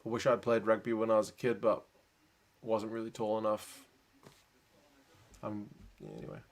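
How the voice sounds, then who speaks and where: A man with a New Zealand accent hosting a late-night live reaction stream. He mutters asides and answers chat comments in a relaxed, tired way. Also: fairly low pitch, moderate pace. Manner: relaxed, muttered asides and chatty replies to viewers.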